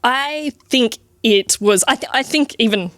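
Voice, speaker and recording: A woman's voice: a little high, measured pace, fairly bright tone, dry recording, clean studio sound. An Australian woman co-hosting a casual podcast, giving wry, opinionated takes. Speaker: podcast co-host.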